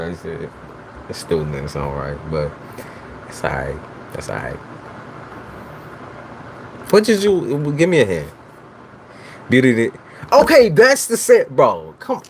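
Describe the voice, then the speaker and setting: Here the tarot stream host speaks at a fairly low pitch, with a little hiss or hum on the audio. He talks straight to his viewers in a casual, teasing, foul-mouthed way.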